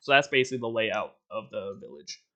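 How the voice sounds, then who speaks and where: A young man narrating a tabletop game as game master, casual and relaxed, laughing easily. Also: fairly low pitch, brisk, dull audio.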